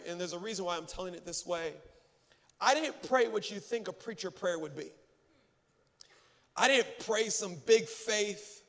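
Male pastor, high voice, bright, animated storytelling, long hall reverb. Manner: animated, acts out voices, self-mocking humor. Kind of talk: sermon with storytelling.

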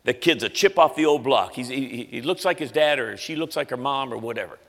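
A man preaching a story-driven sermon, animated and acting out the voices of people in his story. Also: medium pitch, brisk, gravelly, in a large hall.

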